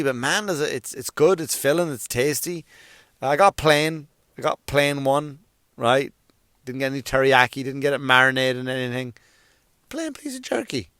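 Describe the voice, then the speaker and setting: There's no echo on this studio-quality recording of a mid-range male voice. He hosts a comedy podcast, telling a loose, rambling story and animatedly performing the quoted bits.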